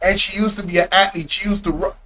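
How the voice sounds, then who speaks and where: High-voiced man exclaiming in disbelief. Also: steady tone, quick pace, sharp tone, slight background noise. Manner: exclaiming, incredulous, often laughing; slang-heavy, addresses viewers directly. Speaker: reaction video host. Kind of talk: casual reaction commentary.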